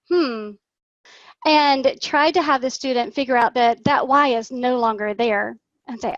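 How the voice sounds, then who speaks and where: Woman, online English teacher, slow deliberate delivery, acts out classroom prompts, dry sound. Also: a little high, no room sound, dull audio. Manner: slow and deliberate, acting out prompts for a young student. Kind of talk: teacher explaining a lesson plan.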